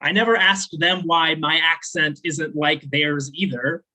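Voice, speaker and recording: A man with a fairly high, bright, forceful voice delivers spoken word poetry at a slam. He recites in a measured, deliberate way, then drifts into loose, filler-heavy chat between poems. He grew up in the American South. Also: steady tone, low-quality recording. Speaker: slam poet.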